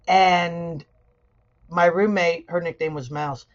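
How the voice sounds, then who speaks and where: A middle-aged woman teaching sociology in a conversational video lecture, weaving personal stories with lively asides. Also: on the low side, a little slow, vocal fry, highs cut off. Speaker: sociology instructor.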